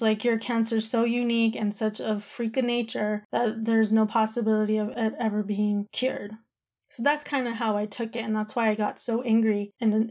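A woman's voice: a little high, darkish tone. A woman casually telling a personal story to camera, retelling conversations and talking with lots of "like" fillers.

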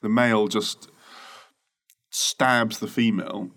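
A man's voice: on the low side, fairly even intonation, slow pace, a bit bright. A man co-hosting a casual podcast, rambling and joking crudely as he explains things into a desk mic. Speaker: podcast co-host. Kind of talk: casual chat. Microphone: desk microphone.

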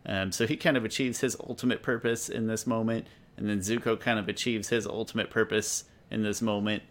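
Low-voiced man in playful chat. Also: steady tone, brisk. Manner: playful, then thoughtful, with fillers. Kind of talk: casual chat discussing a show.

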